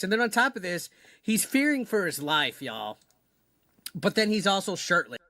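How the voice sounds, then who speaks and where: Male webcam commentator, crude and derisive, bright high voice, dry sound. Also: lively intonation, normal speed, no echo. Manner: crude and derisive, heavy swearing.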